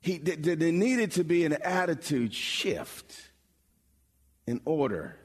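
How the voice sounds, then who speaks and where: A pastor preaching a sermon, building from explanation to bold, emphatic calls with dramatic pauses. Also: male voice, fairly high pitch, very animated, breathy edge. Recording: long hall reverb.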